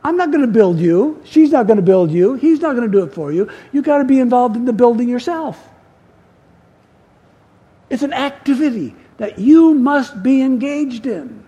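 A man's voice: extremely high pitch, sing-song, normal speed, dark tone, breathy edge, muffled recording. A middle-aged male pastor preaching a sermon, emphatic, repeating key words and asking the congregation questions.

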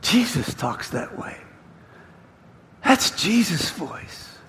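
Slow, animated male pastor preaching. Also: sits high, breathy edge. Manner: emphatic, halting with repeated words. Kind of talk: sermon. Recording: reverberant church hall.

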